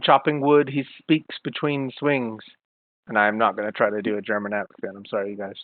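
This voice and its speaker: A man narrating as game master of a tabletop superhero game, chatty and quick to apologize and laugh. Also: on the low side, steady tone, no echo. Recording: phone-like online call.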